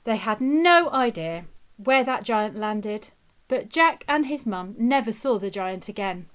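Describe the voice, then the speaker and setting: A woman telling a children's story in an expressive, dramatic way. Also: medium pitch, unhurried. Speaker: nursery teacher storyteller.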